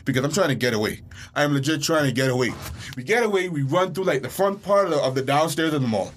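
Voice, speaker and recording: A young man from the Bahamas, co-hosting a podcast, telling a story in a casual, animated way, acting out the panicked quotes. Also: on the high side, fast, a little hiss or hum. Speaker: podcast co-host.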